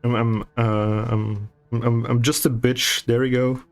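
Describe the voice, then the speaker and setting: Male art streamer, unhurried delivery, mock-grumpy banter with chat, lots of swearing, mouth full of ice. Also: mid-range voice, level tone. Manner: sarcastic, teasing, swears and laughs often; chewing ice while talking. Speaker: livestreaming artist. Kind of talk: casual stream chat while painting.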